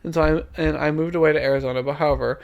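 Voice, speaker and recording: A woman's voice: low-pitched, fairly even intonation, racing, gravelly, a little mellow, dull audio. A woman, co-hosting a podcast, chatting casually and reading spooky stories aloud, swearing now and then. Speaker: podcast co-host.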